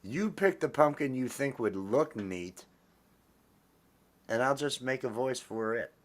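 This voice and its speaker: A man's voice: medium pitch, lively intonation, unhurried. A man hosting a casual chat, talking in a rambling, affectionate way with many fillers and restarts. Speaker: host.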